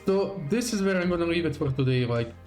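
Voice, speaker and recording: Worn-out male streamer, rambling and loose, voice a little high, faint music under him. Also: expressive, brisk, darkish tone. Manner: rambling, filler-heavy. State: tired and strained after hours of streaming. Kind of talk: casual live-stream chat.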